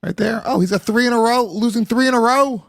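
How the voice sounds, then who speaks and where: A man co-hosting a podcast in casual chat, teasing and excitable, reading out news items. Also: very high voice, fairly quick, creaky, dry recording, clean studio sound. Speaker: podcast co-host.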